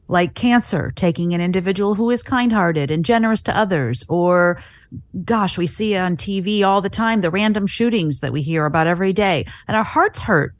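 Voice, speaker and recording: A woman's voice: mid-range voice, dry recording. A woman co-hosting a Bible teaching show who speaks thoughtfully and reacts with dismay. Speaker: co-host. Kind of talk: devotional talk.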